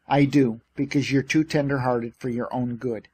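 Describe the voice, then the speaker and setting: A man's voice: medium pitch, fairly even intonation, normal speed, darkish tone, slightly rough, natural voice. A man voicing a sour, defiant office manager in an audiobook, complaining about his boss's choices. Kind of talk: audiobook character reading.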